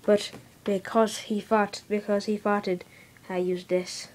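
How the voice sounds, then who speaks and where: Slow, silly young girl vlogging at home. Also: mid-range voice, flat delivery, darkish tone, low-quality recording. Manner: silly, giggly storytelling with mock-serious asides. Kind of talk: playful home video tour. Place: home bedroom.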